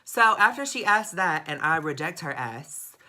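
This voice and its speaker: Bright-voiced young man telling a story. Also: on the high side, moderate pace, a little hiss or hum. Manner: dramatic, expressive, swears freely. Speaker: vlogger. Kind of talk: storytime vlog.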